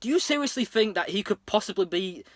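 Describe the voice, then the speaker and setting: A man quoting a cartoon lawyer's slow, deliberate courtroom question. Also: high voice, animated, no echo, studio quality, pitched above the performer's own voice. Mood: probing.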